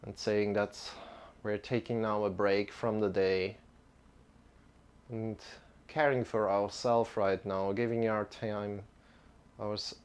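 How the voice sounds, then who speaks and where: A man leading a live-streamed yoga lesson, calm and halting, with many restarts. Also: fairly low pitch. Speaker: yoga teacher.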